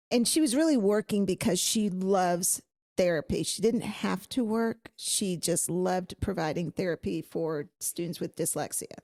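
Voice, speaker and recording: A woman co-hosting a podcast, chatting and telling stories. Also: mid-range voice. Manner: chatty, animated storytelling. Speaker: podcast co-host. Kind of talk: casual podcast chat.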